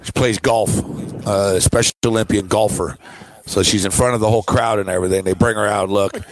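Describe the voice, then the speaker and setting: A man co-hosting a casual sports talk show, telling a story with excited, laughing play-by-play. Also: on the low side, a little fast, poor audio. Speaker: sports radio co-host.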